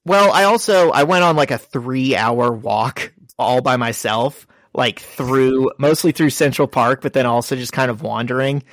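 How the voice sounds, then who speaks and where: A man's voice: medium pitch, unhurried, hardly any pauses, a bit bright, no room sound. A man co-hosting a podcast, chatting casually and acting out little quoted bits as he tells stories. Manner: chatty storyteller, acts out quotes. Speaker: podcast co-host. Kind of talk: casual chat.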